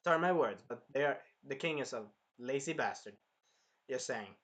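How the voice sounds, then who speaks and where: A man's voice: mid-range voice, lively intonation, normal speed, a bit bright. A man giving a casual, rambling episode review of an anime, loose and a bit profane.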